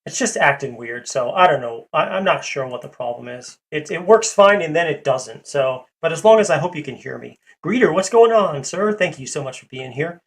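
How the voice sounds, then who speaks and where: A man with a gravelly voice, pitched a little high, hosts a casual livestream. He rambles with lots of ums and uhs while greeting viewers and answering chat. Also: animated, moderate pace, hardly any pauses. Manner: rambling, full of fillers, greets and reads chat. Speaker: livestream host.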